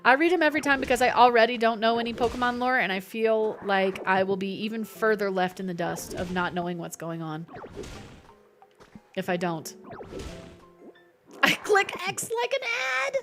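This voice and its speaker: A woman's voice: medium pitch, fairly even intonation, fairly quick, soft background music. A woman live streaming a game in casual chat, reading her chat aloud and joking back. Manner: chatty, reads chat aloud and answers it, jokey.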